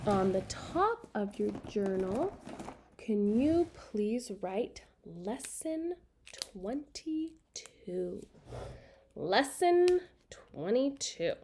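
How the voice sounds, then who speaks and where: A woman's voice: medium pitch, big pitch swings, extremely slow, warm tone, a little hiss or hum. A woman teaching a children's math lesson, speaking patiently and repeating key words so students can write them down.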